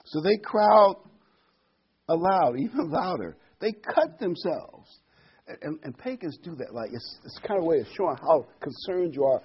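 A man's voice: fairly high pitch, sing-song, normal speed, husky, dull audio. A man preaching an informal sermon, talking conversationally and telling the story with restarts and asides.

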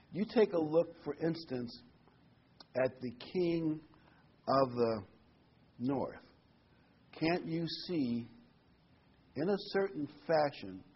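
A man's voice: mid-range voice, slightly rough. A man preaching a sermon, reading Bible verses earnestly and stressing words, with small hesitations. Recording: dull lo-fi recording.

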